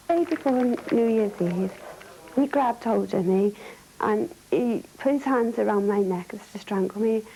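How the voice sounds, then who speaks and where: A middle-aged Welsh woman recounting her experience of abuse, speaking in a halting, low-key way with frequent restarts. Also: creaky, mellow, slight background noise, low-quality recording. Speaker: domestic abuse survivor. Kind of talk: personal testimony.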